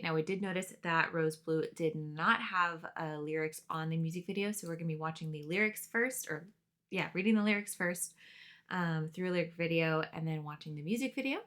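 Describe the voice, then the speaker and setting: A woman's voice: lowish voice, a bit bright. A young woman co-hosting a reaction video, chatting casually, laughing often and explaining the plan. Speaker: reaction channel co-host.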